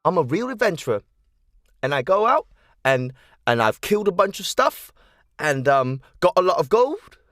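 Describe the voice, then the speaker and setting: A man voicing a tough young woman adventurer who is gruff but caring, talking loudly and bossily. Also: sits high, big pitch swings, moderate pace, no room sound, studio quality, voice pushed up. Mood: proud. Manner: loud, bossy, scolding.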